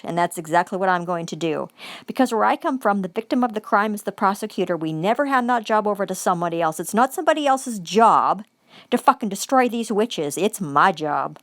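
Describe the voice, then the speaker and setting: A woman's voice: medium pitch, animated, a little fast, no room sound. A woman giving an angry, profane vlog monologue, repeating phrases for emphasis.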